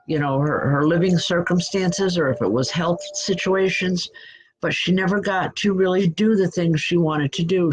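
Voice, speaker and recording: A woman medium giving a live spirit reading online. Her speech is halting and stop-start, full of restarts, as she hands on messages gently. She keeps reassuring the people she is reading for. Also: on the low side, rough recording.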